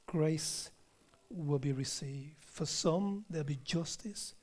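A man's voice: a little high, takes it slowly, darkish tone. A man preaching a sermon, emphatic and conversational, with asides to the congregation and key words dropped to a near-whisper.

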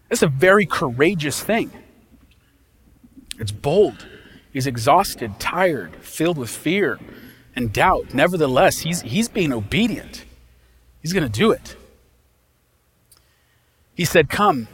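A man's voice: a little high, big pitch swings, takes it slowly, pauses often. A man preaching a sermon as a pastor, talking in a conversational way and often checking in with his listeners.

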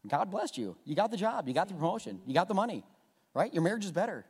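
A male pastor preaching a sermon, swinging from hushed asides to loud, repeated calls. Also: high-pitched, sing-song, fast, breathy edge. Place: church sanctuary. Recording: long reverb of a church hall.

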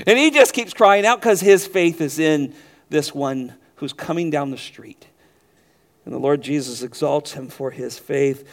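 A man preaching a sermon as pastor, rising to loud emphatic stretches and dropping to quiet low passages, often repeating words as he restarts a phrase. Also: moderate pace.

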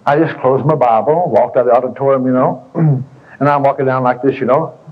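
A man preaching in a relaxed, storytelling manner, stumbling over repeated words and clearing his throat. His voice is husky at a middling pitch. The recording is dull and lo-fi, like an old radio broadcast. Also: brisk. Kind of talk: sermon storytelling.

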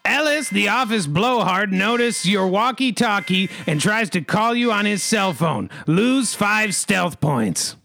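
A man's voice: high voice, expressive, unhurried, vocal fry, few pauses, bright, forceful tone. A man running an improvised comedy game as game master, announcing decisions in a theatrical way with a rhyming catchphrase.

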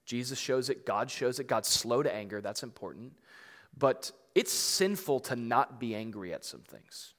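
A man preaching to a congregation with loose, chatty phrasing and lots of "like" and "you know". His voice sits at an ordinary middle pitch. The sound carries a long reverb tail from a large hall. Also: expressive, normal speed, a bit bright. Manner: conversational preaching, filler-heavy and emphatic. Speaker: pastor. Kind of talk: sermon.

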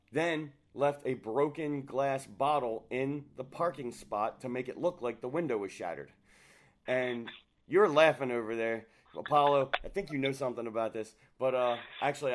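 A man hosting a casual podcast chat, rambling along with many fillers. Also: mid-range voice. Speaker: host.

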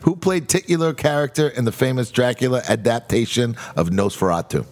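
A man's voice: mid-range voice, a little fast, darkish tone. A man co-hosting a podcast, reading out quiz questions in casual, profane banter with friends. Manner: reads quiz questions, swears freely. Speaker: podcast co-host running a quiz.

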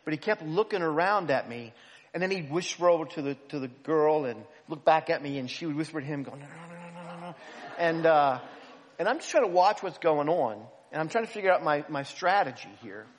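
A man, a pastor, telling a self-deprecating story in an animated, humorous way. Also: fairly high pitch, fairly quick. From United States. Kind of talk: storytelling sermon. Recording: long hall reverb.

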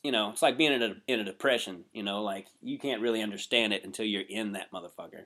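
A man's voice: on the low side, fast, a bit bright. Man, casual podcast chat, laid-back, reflective, profane.

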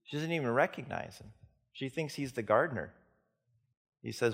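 A man preaching a sermon in an earnest way, repeating words and slowing into soft, quiet stretches. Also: mid-range voice, creaky, slightly rough. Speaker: pastor.

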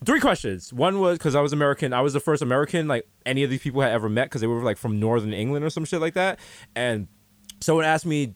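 A man's voice: medium pitch, fast talker, no room sound. A young man co-hosting a podcast, talking in loose, profane banter and telling stories with acted-out quotes. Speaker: podcast co-host.

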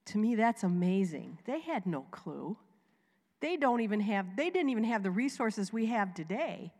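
A woman with a Southern US accent co-leading a sermon, reading scripture and preaching in an animated way. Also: medium pitch, normal speed, in a large hall.

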